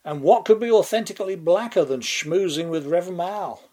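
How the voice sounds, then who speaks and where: Older man, English accent, somewhat high voice, sardonic scripted commentary. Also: expressive, fairly quick, mellow. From England. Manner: sardonic, mocking. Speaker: political commentator.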